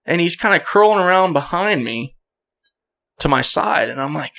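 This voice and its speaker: A young man on a podcast telling a story casually, acting out quotes with bursts of excitement and frequent laughs. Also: on the high side, moderate pace, gravelly. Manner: animated, acts out quotes, laughs often. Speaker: podcast guest.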